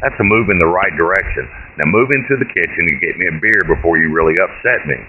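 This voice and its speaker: A frail but commanding old great-grandmother barks orders in a blunt, foul-mouthed way, as a male reader puts her on. The voice stays low and deep. It comes through a thin, phone-like line with a faint hiss behind it. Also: lively intonation, fast talker. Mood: bossy.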